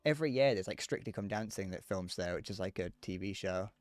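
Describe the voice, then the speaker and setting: Chatting to his viewers during a gaming stream, a young man from Northern Ireland rambles and laughs at his own jokes. His low-pitched voice moves at a quick pace, recorded without room sound.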